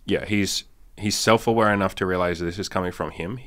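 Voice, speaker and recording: Man, very low voice, rapid delivery, blunt, swears a lot, casual podcast chat. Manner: blunt, swears often, animated. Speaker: podcast host and dating coach.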